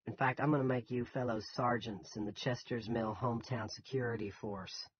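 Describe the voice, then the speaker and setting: A man's voice: medium pitch, steady tone, normal speed, muffled recording, slight background noise, lightly acted. A man reading a bossy blustering town boss. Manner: commanding, scoffing, folksy.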